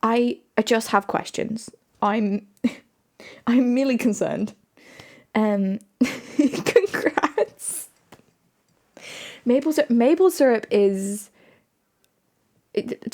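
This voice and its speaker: A woman's voice: on the high side, animated, unhurried, mellow. A young woman streaming live, chatting casually with viewers in a giggly, rambling, self-mocking way. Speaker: livestreamer.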